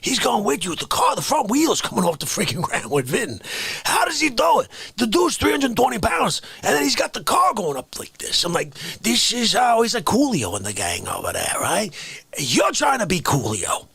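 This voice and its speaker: A man putting on a raspy, indignant ranting character who grills people, bursting into shouts. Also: high-pitched, wildly swooping pitch, moderate pace, voice pushed up, heavily acted. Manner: shouting outbursts, mock-interrogating, rambling hypotheticals. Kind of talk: comedic character rant on a livestream.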